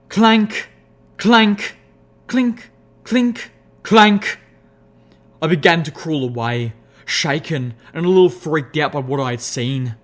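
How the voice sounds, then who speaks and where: A man narrates an audiobook in first person, his voice sitting on the higher side. His reading is expressive but measured, like careful storytelling.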